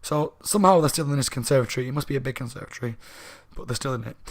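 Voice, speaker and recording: A man's voice: medium pitch, racing. Man with a sore throat retelling a story. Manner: rambling, animated, laughing asides. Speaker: book reviewer. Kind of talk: casual plot retelling.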